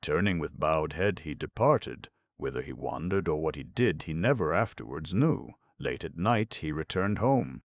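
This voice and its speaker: A man reads an audiobook in a measured, deliberate way. His voice is extremely low with a gravelly, creaky texture. The recording is dry and close, with no room sound. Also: expressive, no room sound. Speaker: audiobook narrator. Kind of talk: scripted audiobook narration.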